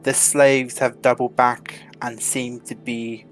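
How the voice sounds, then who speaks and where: A man putting on a drow spy who reports in a stiff, measured drawl with a light put-on drow accent. The voice sits mid-pitch and unhurried, with soft music in the background of the tabletop session. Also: little pitch movement, lightly acted. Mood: formal. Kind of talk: tabletop game role-play.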